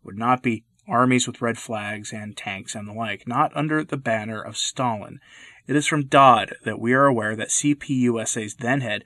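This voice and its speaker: A man delivering scripted commentary narration in a measured, deliberate way. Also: mid-range voice, a bit bright, no echo.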